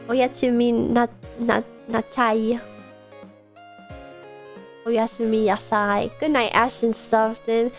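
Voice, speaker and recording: Young woman streamer, stuffy cold nose, higher voice, rambling filler-heavy chat, faint music bed. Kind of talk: casual late-night stream chat. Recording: soft music behind.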